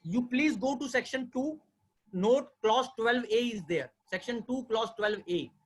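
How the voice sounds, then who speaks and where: This earnest tax law webinar comes over a video call from a speaker with an Indian accent. The voice is medium in pitch, animated and a little slow, and it keeps circling back to key points and addressing the audience as sir.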